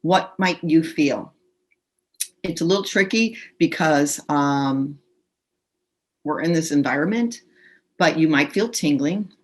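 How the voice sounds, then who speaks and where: With a low voice, a slow pace and frequent pauses, a tapping practitioner guides a group over a video call. She instructs them and leads phrases for them to echo aloud, heard through a computer mic.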